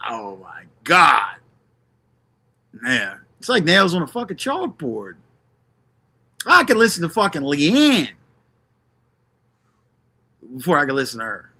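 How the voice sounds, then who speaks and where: Stream host guy, gravelly and bright, cussing up a storm and rambling. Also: a little high, huge pitch swings, takes it slowly, long pauses. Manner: swears constantly, rambles, reads out chat names. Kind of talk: casual profane ranting chat.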